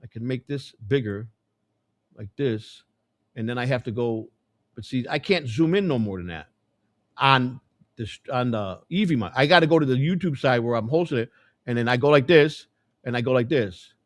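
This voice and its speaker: A man hosting a live stream, rambling and swearing as he thinks out loud to his chat. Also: mid-range voice, animated, normal speed, dry recording. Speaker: livestream host. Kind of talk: casual live-stream commentary.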